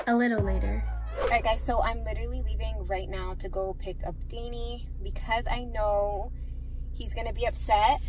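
A woman's voice: mid-range voice, slight background noise. A woman, a family vlogger and mother, chatting casually to the camera and her kids, often saying "like" and "guys.".

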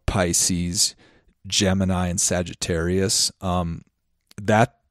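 A man's voice: deep voice, no room sound, studio quality. A man hosting a podcast, giving a casual astrology forecast in a loose, chatty way with many ums, and a little out of breath. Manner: loose and chatty, with frequent ums and self-corrections. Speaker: podcast host.

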